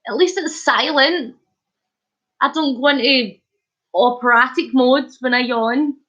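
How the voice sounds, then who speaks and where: A Scottish woman chats on her live stream in a slightly high voice, playful and animated as she answers comments and spins a story. The audio is dull and lo-fi, like a cheap stream mic. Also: a little slow. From Scotland. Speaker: livestream host. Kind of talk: casual live-stream chat.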